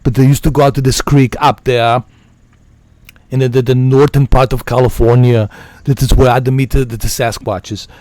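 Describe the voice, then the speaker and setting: A man's voice: mid-range voice, level tone, moderate pace, a little mellow, dry recording. A man chatting casually with friends, rambling, repeating words and laughing often. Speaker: gamer.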